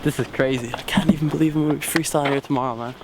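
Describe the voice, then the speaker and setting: A man's voice: a little high, fairly even intonation, very fast, heavy background noise. A young man talks casually and rambles with lots of fillers in a documentary interview about his sport. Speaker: freestyle footballer. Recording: roomy echo.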